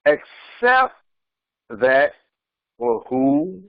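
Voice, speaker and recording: During a Quran commentary lesson, a male imam speaks unhurriedly and deliberately, reciting a line and then translating it bit by bit. His medium-pitched voice has lively intonation and sounds close and dry, with a slightly muffled, dull recording quality.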